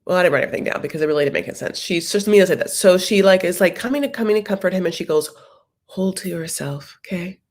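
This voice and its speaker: A woman hosting a casual TV recap, talking in an animated, sassy, chatty way. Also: on the low side, racing, hardly any pauses. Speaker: host.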